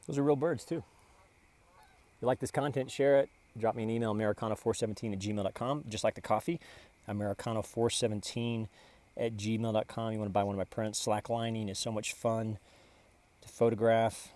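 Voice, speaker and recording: A man's voice: on the low side, fairly even intonation, brisk, a little mellow. A man narrating a casual vlog as he shows off his photographs, boastful, rambling and full of exclamations. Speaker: photographer showing his prints.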